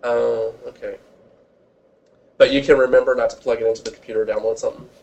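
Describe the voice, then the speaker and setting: A man's voice: mid-range voice, level tone, quick pace, gravelly, a little mellow, slight background noise, low-quality recording. A young man hosting a casual podcast, joking and teasing his co-hosts. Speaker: podcast host. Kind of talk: casual chat.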